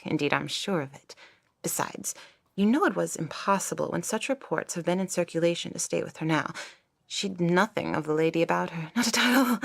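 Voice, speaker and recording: A haughty young maidservant who looks down on everyone, as a woman acts her out in a stage play. The voice sits low and a little gravelly, with a mocking edge. It is recorded close and dry. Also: no room sound. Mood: scornful. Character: vain, scornful young female maidservant.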